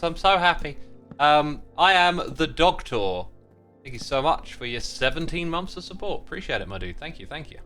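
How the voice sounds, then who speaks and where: A man's voice: mid-range voice, sharp tone. A man streaming a game, chatting casually, reading viewer messages aloud and thanking supporters. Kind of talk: casual livestream chat while playing.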